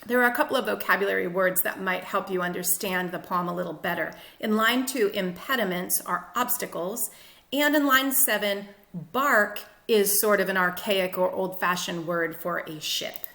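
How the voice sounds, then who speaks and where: A woman literature teacher explaining a sonnet in a clear, methodical lecture. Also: medium pitch, moderate pace, sharp tone, roomy sound. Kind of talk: lecture-style poetry analysis.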